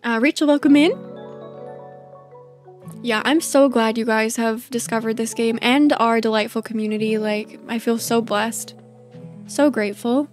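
A woman's voice: fairly high pitch, a little slow, long pauses. A woman streaming a game in casual commentary, bubbly and gushing, laughing often. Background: faint game music.

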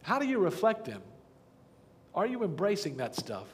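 A man's voice: high-pitched, wildly swooping pitch, normal speed, in a large hall. A man preaching a sermon as pastor, earnest and pleading, often asking the congregation questions. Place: church sanctuary.

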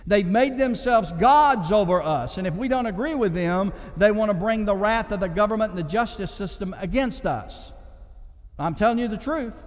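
A man preaching a sermon as pastor, impassioned, with big swings between loud and hushed. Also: high-pitched. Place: church sanctuary. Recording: long reverb of a church hall.

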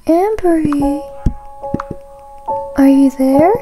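Woman plays a creature faking a sweet mother, high and coaxing, game music under. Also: drawn-out words. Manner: coaxing, pleading sing-song.

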